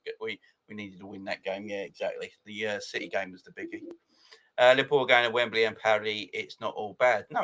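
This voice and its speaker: Host: excitable man in his forties, bright forceful voice, casual live-chat energy. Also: medium pitch. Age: 40s. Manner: excitable, laughs often, greets viewers by name. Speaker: football fan channel host. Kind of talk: casual live chat reading viewer comments.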